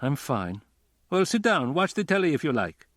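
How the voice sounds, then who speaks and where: A man's voice: on the high side, big pitch swings, normal speed, a bit bright, no room sound, clean studio sound, pitched above the performer's own voice. A man narrating an audiobook voices a man breezily offering a drink. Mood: hospitable.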